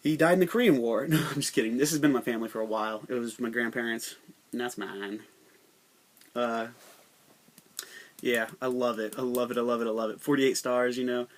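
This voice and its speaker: A man's voice: medium pitch, steady tone, brisk, long pauses. Profane rambling young American man. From United States. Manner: profane, rambling, jokey, slangy. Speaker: podcast host. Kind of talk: casual rambling monologue.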